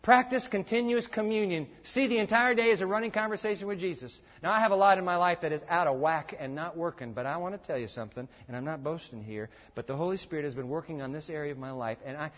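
High-voiced man preaching in echoey hall. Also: fast talker, hardly any pauses. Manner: emphatic, repeats points for note-taking. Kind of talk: sermon. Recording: echoey dull lo-fi hall recording.

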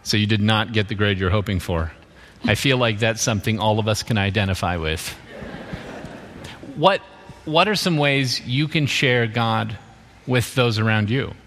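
A man interviewing members of a church community, asking gentle follow-up questions. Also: lowish voice, moderate pace, long reverb tail, a little hiss or hum.

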